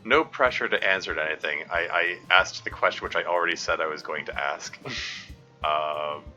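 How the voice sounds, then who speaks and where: A man streaming a game live, reading messages aloud and answering chat in a rambling, halting way. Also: low-pitched, pushed and bright, soft background music. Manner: rambling, halting, full of restarts.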